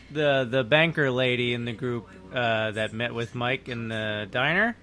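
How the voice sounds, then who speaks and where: Skeptical bright-voiced male co-host. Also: mid-range voice, a little slow, slight background noise. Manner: skeptical, questioning, laughs often. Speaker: podcast co-host. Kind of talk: casual chat.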